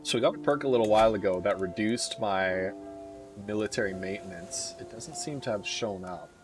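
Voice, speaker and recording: A man's voice: on the low side, normal speed, music in the background. Wry male streamer reading game text. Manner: reads game text aloud with wry asides. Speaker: live streamer. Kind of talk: live gameplay commentary.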